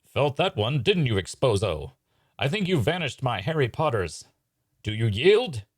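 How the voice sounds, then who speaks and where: A man voicing a grandiose male stage magician who speaks in slow, formal declarations. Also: mid-range voice, very animated, breathy edge, dry recording, clean studio sound, pitched above the performer's own voice. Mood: grandly formal.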